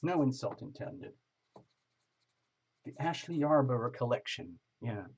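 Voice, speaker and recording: Husky-voiced man chatting on a livestream. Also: medium pitch, expressive, measured pace, a little mellow. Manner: chatty and joking, greets viewers by name. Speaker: tarot reader hosting a live stream. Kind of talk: live stream chat, reading viewer comments.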